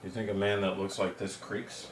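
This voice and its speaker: A man's voice: deep voice, level tone, normal speed, noisy background. A man co-hosting a livestream, joking in an offhand, casual way.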